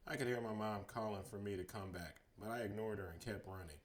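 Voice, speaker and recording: A man reading a children's chapter book aloud as a bedtime story, steady in the telling and livelier on the quoted lines. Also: fairly low pitch, brisk.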